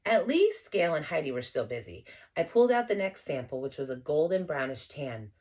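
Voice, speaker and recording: A woman narrating a children's storybook in an expressive, playful first-person voice. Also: deep voice, brisk. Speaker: audiobook reader.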